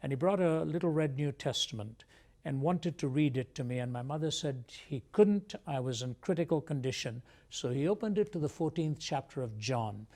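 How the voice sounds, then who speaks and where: A man from India, a guest on a TV interview show, telling his life story in a measured, earnest way. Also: a little high, animated, a little mellow.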